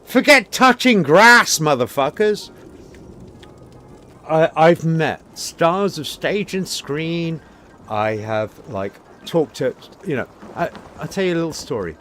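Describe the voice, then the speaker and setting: A man's voice: a little high, very animated, slow, pushed and bright. Swearing, ranting male streamer. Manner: profane, emphatic, repeats himself; storytelling, preachy. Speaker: live streamer. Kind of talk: rambling live-stream rant.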